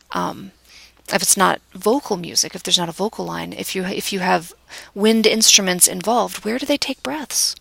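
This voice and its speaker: A woman's voice: medium pitch, vocal fry, fairly bright tone, dry recording. A woman teaching vocal delivery in a lecture, conversational, asking rhetorical questions and dropping into whispers to stress points. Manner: demonstrative, varies volume and pace deliberately, drops to whispers for emphasis. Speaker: speech instructor.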